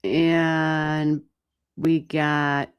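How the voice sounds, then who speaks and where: A woman giving casual, animated astrology readings on a livestream, chatting and swearing lightly as she goes. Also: sits low, drawn-out words, clear, resonant tone, no room sound. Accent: US Midwestern. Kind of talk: casual live-stream reading.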